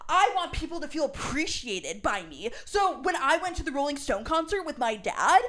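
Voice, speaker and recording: Frantic male restaurant owner, pleading and high-strung, as a woman puts him on in a story. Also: very animated, normal speed, a bit bright. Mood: pushy. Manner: pleading, rambling, rising to frantic.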